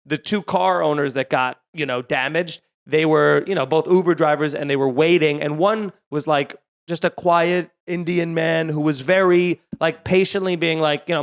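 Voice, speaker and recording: A comedian tells a story on a casual podcast in a fairly high voice. He throws himself into it and acts out each person loudly as he goes. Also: fairly even intonation, moderate pace, hardly any pauses. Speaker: comedian guest.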